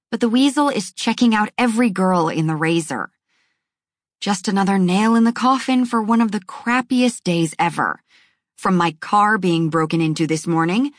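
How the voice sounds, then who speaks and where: A woman's voice: lowish voice, dry recording. Dry, wry young woman narrating a novel. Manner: wry, dramatic storytelling. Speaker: audiobook narrator. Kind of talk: scripted first-person narration.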